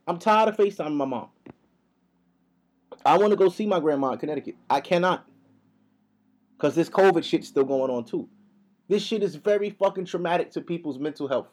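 A young man hosting a podcast in a casual, profane, heated rant, talking fast. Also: fairly high pitch, animated, darkish tone. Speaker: podcast host. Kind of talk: casual ranting monologue.

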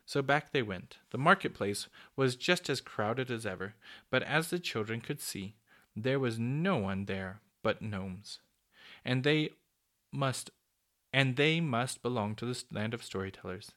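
A man reading a children's story aloud, steady with small slips and restarts. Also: medium pitch, a little slow. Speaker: narrator.

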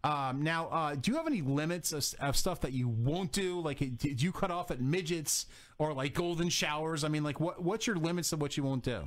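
A man's voice: fairly high pitch, fairly quick. An American man hosting a casual podcast interview, rambling with many fillers and restarts. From United States. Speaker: podcast host.

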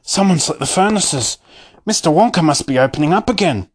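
A man voicing excited shouting townsfolk in a storybook reading. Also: a little high, brisk, pitched above the performer's own voice.

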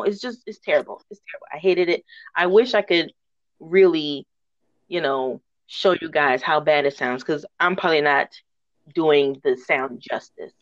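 Woman podcast host, casual storytelling rant, slangy, lower voice, dry close mic. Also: no room sound. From northern United States. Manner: animated, slangy, laughing storyteller. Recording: dull lo-fi recording.

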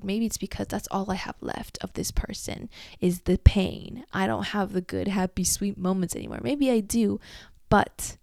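A woman's voice: medium pitch, creaky, a little mellow, no echo, clean studio sound. A young woman in her twenties hosting a solo podcast, talking candidly and emotionally about a breakup and swearing freely. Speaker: podcast host.

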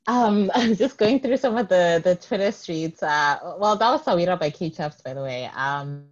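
A young woman co-hosting a radio show, her voice sitting a little low yet swinging up and down all the time. She rambles, restarts her sentences and giggles between thoughts. The broadcast sound is slightly dull and lo-fi. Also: expressive, normal speed. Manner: giggly, rambling, self-interrupting. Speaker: radio co-host. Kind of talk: casual radio chat reading listener messages.

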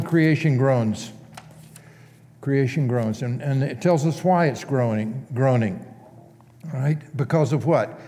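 A male pastor preaching in a relaxed, conversational way, asking his congregation questions as he teaches. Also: mid-range voice. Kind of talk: sermon. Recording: long church reverb.

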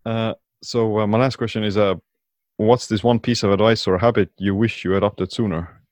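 A man's voice: on the low side, fairly even intonation, normal speed, darkish tone, dry recording. A man hosting an interview, easygoing, with lots of "like" and "uh" as he goes. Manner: easygoing, hedging with "like" and "uh". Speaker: podcast host.

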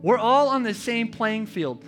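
A man's voice: very high voice, lively intonation, unhurried, a bit bright, soft background music, exaggerated voice. A man voicing a male religious teacher who talks in a breezy, slangy, modern way, within a casual sermon. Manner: breezy, slangy, matter-of-fact.

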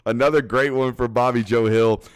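A man's voice: mid-range voice, fairly even intonation, a little fast, clean tone, no echo. A man hosting a casual podcast chat, laid-back, with lots of fillers and frequent laughter. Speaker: podcast host.

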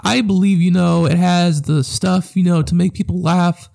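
A man's voice: high voice, fairly even intonation, moderate pace, gravelly, darkish tone. A man co-hosting a casual podcast chat, earnest and given to repeating stock phrases. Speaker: podcast co-host.

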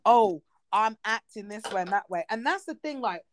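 A woman in her thirties chatting casually on a talk show, animated and expressive, with quick asides. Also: medium pitch. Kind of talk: casual chat.

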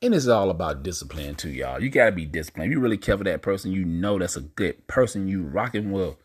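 A man's voice: low-pitched, expressive, fast, husky. A man hosting a podcast, talking to his listeners in a blunt, profane, casual monologue. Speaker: podcast host.

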